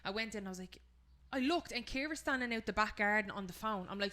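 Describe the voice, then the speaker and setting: A young woman from Dublin with a Dublin accent and a bright, clear voice, chatting as a podcast co-host. She tells stories in a lively way and acts out her family's lines as she goes. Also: mid-range voice, fast talker. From Ireland. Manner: animated storyteller who acts out family voices. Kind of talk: casual chat.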